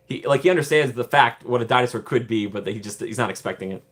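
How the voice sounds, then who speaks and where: A man chats casually on a live stream, answering viewers as he goes. His voice sits at an ordinary middle pitch. He rambles loosely, repeats phrases and laughs often. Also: moderate pace, fairly bright tone. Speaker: streamer host.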